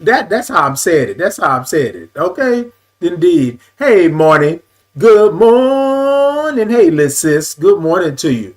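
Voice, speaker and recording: On a laid-back morning live stream, a man greets viewers by name, stretching his hellos into little songs and saying "y'all" constantly. He repeats himself and fiddles with his camera while talking. His voice sits fairly high and swings widely in pitch.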